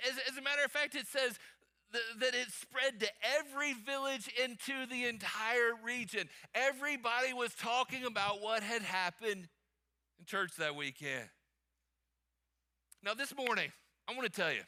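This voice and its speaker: A male pastor preaching a sermon emphatically, calling on the congregation to answer out loud. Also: extremely high pitch, moderate pace. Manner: emphatic, calls for congregation responses.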